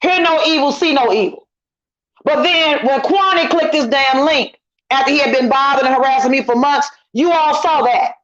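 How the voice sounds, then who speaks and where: Emphatic high-voiced middle-aged woman, lo-fi. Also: normal speed, a bit bright. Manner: emphatic, repetitive, indignant venting. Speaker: guest commentator. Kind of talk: casual online commentary chat. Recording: lo-fi dull audio.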